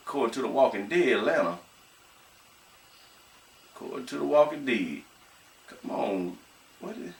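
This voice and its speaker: Lively folksy man in an echoey room. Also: medium pitch, creaky. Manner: folksy, talks straight to viewers as "y'all"; slow, halting when reading aloud. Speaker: small YouTuber. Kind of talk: reading news aloud and commenting casually. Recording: echoey room, mic at a distance.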